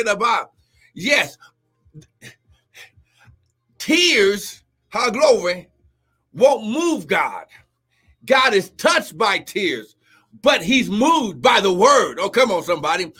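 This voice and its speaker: A man preaching a livestream sermon as pastor, teaching slowly, then shouting, crying out and speaking in tongues. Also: extremely high pitch, husky. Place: church livestream with music behind.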